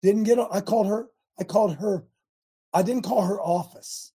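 A man's voice: high voice, normal speed, mellow, husky. An older American man hosting a talk show, rallying listeners in a rambling, preachy monologue with many restarts.

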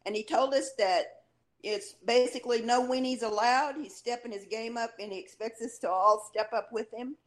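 A woman's voice: fairly high pitch, moderate pace. A woman calling in to a group livestream, giving a loose, chatty update and searching for words as she goes. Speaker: caller, brigade member. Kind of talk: casual call-in update.

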